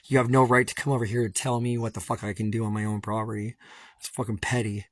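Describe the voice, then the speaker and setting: A man's voice: on the low side, level tone, fast, dry recording. A man from Hawaii ranting on a casual livestream while walking his dogs, swearing constantly and laughing bitterly between complaints. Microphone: phone.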